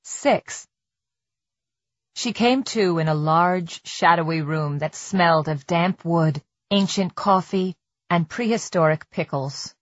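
A woman reading a novel aloud in measured, even scripted narration. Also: lowish voice, no echo. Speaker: audiobook narrator. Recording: dry, slightly muffled recording.

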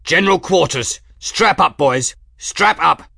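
Man doing a bellowing gruff ship engineer. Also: lowish voice, moderate pace, no echo, clean studio sound. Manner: shouting orders, growling.

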